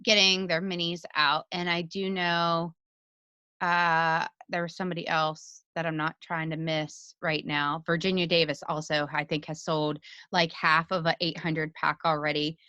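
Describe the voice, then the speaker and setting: Woman co-host, bright voice, dry close sound, rambling casual encouragement on a video call. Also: deep voice, level tone, unhurried, smooth, no room sound, highs cut off. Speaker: team leader co-hosting a motivational call. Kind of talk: casual motivational chat.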